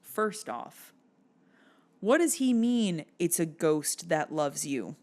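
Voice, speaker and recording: A woman's voice: on the low side, big pitch swings, takes it slowly, darkish tone. A woman giving sardonic, exasperated commentary for a video essay that reviews a film.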